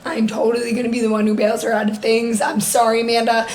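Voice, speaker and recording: Animated young mom telling stories. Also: female voice, fairly high pitch, crowd noise, rough recording. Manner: animated storytelling, quick laughs. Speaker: podcast co-host. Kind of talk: casual sister chat.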